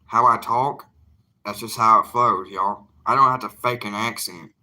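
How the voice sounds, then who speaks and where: A man's voice: lowish voice, steady tone, normal speed, pushed and bright. A young man, an evangelist talking casually to his livestream viewers in an earnest, plainspoken, defiant way.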